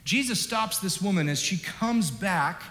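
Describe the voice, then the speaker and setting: A man preaching a sermon as a pastor, animated and emphatic, dropping low and rising up for stress. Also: unhurried. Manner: animated, emphatic, varies loudness. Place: large church hall. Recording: echoey hall with long reverb.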